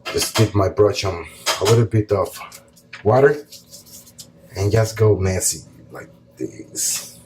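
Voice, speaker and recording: A man calmly explaining a painting tutorial step by step as he works, pausing often with short fillers. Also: lowish voice, background noise. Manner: calm, relaxed explaining while painting, with pauses and fillers. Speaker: art teacher.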